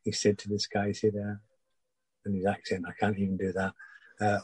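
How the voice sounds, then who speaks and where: An older former footballer, husky-voiced, recalling his career in a halting interview chat full of restarts. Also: lowish voice, completely flat delivery, a little mellow, no echo, poor audio. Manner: halting, many restarts and repeated words.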